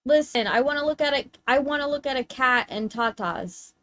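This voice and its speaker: A woman's voice: high voice, expressive, moderate pace, a bit bright. A woman streamer chatting casually while showing pictures, gushing and cooing in baby talk, with casual swearing.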